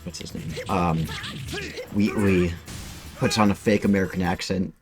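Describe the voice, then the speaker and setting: A man's voice: low-pitched, fairly even intonation, normal speed, over music. A man giving rambling, casual gameplay commentary, cursing freely as he plays. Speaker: streamer.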